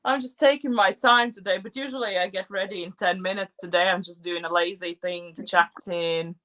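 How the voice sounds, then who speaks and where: A woman's voice: medium pitch, normal speed. A Latvian-born woman with Latvian as her first language, co-hosting a casual, playful chat while doing her makeup at home. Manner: animated, playful, laughs at herself. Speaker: co-host.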